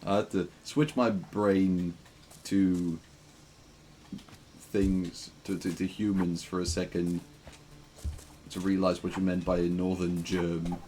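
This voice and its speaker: A man's voice: low-pitched, level tone, slow pace, long pauses, warm tone, slight background noise. A man streaming a game, joking and rambling with lots of fillers in casual commentary.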